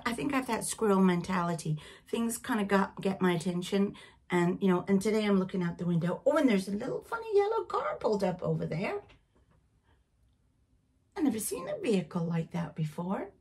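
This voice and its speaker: A woman's voice: mid-range voice, darkish tone, breathy edge. A middle-aged woman from Britain with a Canadian-sounding accent, hosting a knitting podcast in a rambling, chatty way that drifts off on tangents. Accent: Canadian-sounding English. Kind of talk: casual chat.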